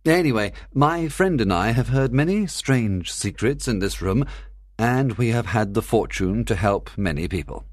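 A man playing a brilliant, confident and impatient detective in an audiobook drama, reasoning aloud in a crisp manner. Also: medium pitch, expressive, moderate pace, no room sound, natural voice.

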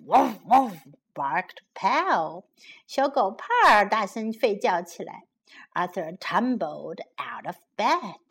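A woman teacher narrating a children's storybook for young learners. She reads slowly and carefully, with a lively, rising and falling pitch. Her voice sits a bit high and close to the mic. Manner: slow, careful, gentle reading for children.

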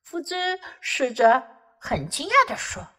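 A woman English teacher reads a bedtime story at a gentle, unhurried pace. Her high voice rises and falls expressively to bring the story to life. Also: huge pitch swings. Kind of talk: bilingual bedtime story reading.

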